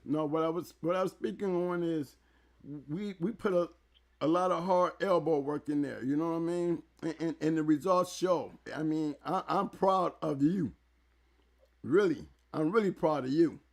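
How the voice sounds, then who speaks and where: An excitable man hosts a casual interview with a rough, gravelly voice pitched a little high. He gets loud when worked up and stumbles over repeated words. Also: normal speed. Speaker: talk show host. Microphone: handheld mic held close.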